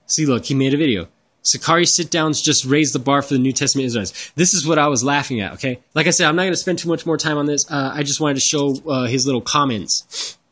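A man's voice: medium pitch, fairly bright tone. A man delivering a rambling, profane, exasperated rant as a religious commentator reacting to another creator's videos, repeating himself as he gets worked up. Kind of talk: heated reaction rant over screen-shared videos.

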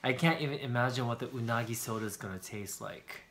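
A man hosting a casual taste-test vlog, animated and exclaiming often as he talks to the camera. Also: mid-range voice, fast talker, slight background noise. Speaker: vlog host. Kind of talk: casual chat, taste-testing.

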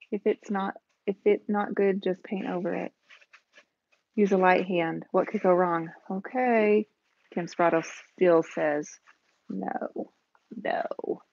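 A woman's voice: lowish voice, fairly even intonation, slow pace, pauses often, dry recording. A woman, chatting nervously with her viewers as she paints on a live stream. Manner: chatty, nervous, talks to commenters. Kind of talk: casual live chat while painting. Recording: dull dry home-stream audio.

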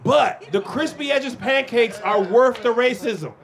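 A man performing a stand-up comedy set with excitable, animated storytelling. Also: very high-pitched, a little slow, a crowd in the background.

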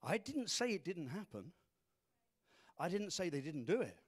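A man preaching a sermon, acting out scripture figures with humor and animated emphasis. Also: high-pitched, moderate pace, breathy edge. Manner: animated, acts out Bible characters, laughs at own jokes. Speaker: pastor.

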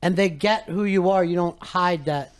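A man's voice: high voice, normal speed, clean tone. A man hosting a casual radio interview, laid-back, dropping brief interjections and wry quips. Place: radio studio.

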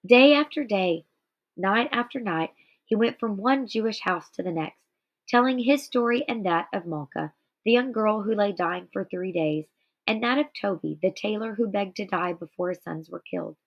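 A woman's voice: mid-range voice, lively intonation, normal speed. A tired, yawny woman teacher doing a guided reading aloud, with explanations to her students. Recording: slightly dull lo-fi recording.

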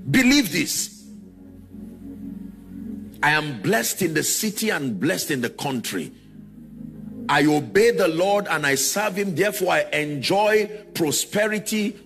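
A man's voice: sits high, vocal fry, a bit bright. A man preaching a sermon to a congregation, drawing responses from them and sliding into sung, chanted phrases. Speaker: pastor.

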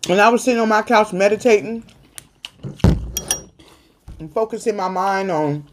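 A woman host speaking earnestly about faith and perseverance in a casual chat, talking like a sermon and protesting loudly when teased. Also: mid-range voice, moderate pace, background noise. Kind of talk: casual faith talk on an eating show.

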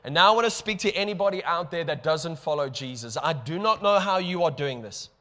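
A man with a South African accent delivers a passionate sermon, his voice high and bright. It rings with a long reverb from the church hall. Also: animated, brisk. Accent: South African English. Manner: impassioned, rising to emphatic peaks. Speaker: pastor.

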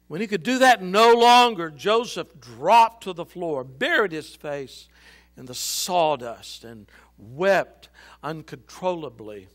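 A male pastor reading scripture and a book aloud dramatically in a church, swinging between loud and hushed. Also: on the high side. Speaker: senior pastor. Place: church sanctuary.

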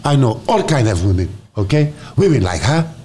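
A man putting on a loud African accent, voicing a bossy woman who shouts and exclaims. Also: medium pitch, big pitch swings, moderate pace, a little hiss or hum, natural voice. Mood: indignant.

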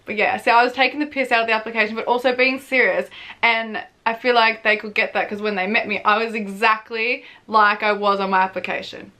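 A young woman in her twenties talks straight to camera in a loose, chatty vlog. Her voice is bright and forward, and she swears easily, laughs a lot and pokes fun at herself. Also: a little high, steady tone, fairly quick. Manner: chatty, swears freely, laughs often, self-mocking. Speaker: vlogger, former reality show contestant. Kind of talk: casual advice vlog.

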